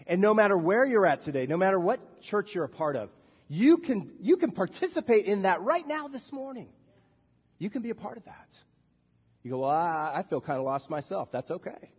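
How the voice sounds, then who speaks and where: Male minister, sermon, husky voice, soft then shouting, long church reverb, muffled lo-fi recording. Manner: swings from soft to shouting with lively pitch. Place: church sanctuary.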